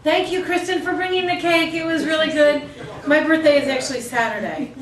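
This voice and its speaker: High-voiced woman performing spoken-word poetry. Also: brisk, crowd noise. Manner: intense, rhythmic performance delivery with chatty asides. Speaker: featured poet. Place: cafe performance space, live audience. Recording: echoey room recorded from a distance.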